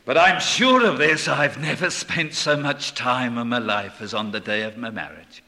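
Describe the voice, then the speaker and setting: An older man preaching a sermon, dropping to a hush and then rising to loud proclamation. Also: medium pitch, animated, normal speed. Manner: swings between hushed and loud proclaiming.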